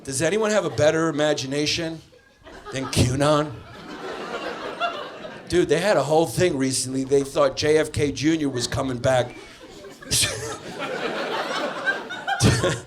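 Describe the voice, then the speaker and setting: A man's voice: a little high, unhurried, pauses often. Man, stand-up comedian, crude, playful, club stage, handheld mic, audience laughter. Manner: animated, crude, playful, with voices. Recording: live club with crowd laughter.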